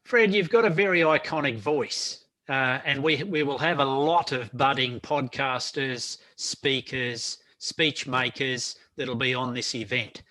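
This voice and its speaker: A man's voice: medium pitch, unhurried, few pauses, pushed and bright. A man hosting an interview, asking questions with frequent hesitations and restarts. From Australia. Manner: hesitant, many fillers and restarts. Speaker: interviewer, podcast host.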